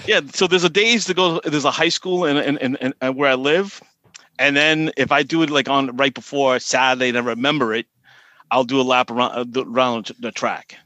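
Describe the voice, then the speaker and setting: A man's voice: mid-range voice, steady tone, fairly quick, bright, forceful tone, no room sound. A man with a Boston accent, a podcast guest telling stories in a rambling way and often repeating words. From Boston area. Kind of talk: casual chat.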